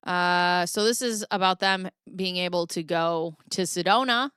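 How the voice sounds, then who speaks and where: A woman's voice: lowish voice, normal speed, a bit bright, clean tone, no room sound, clean studio sound. A woman hosting a casual commentary show, reading documents aloud and adding sarcastic remarks. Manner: sarcastic, reads texts aloud with wry asides. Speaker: commentary channel host.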